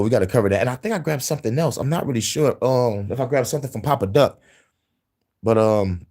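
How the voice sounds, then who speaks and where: A man hosting a casual news-commentary livestream, profane and heated, laughing often between angry riffs. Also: medium pitch.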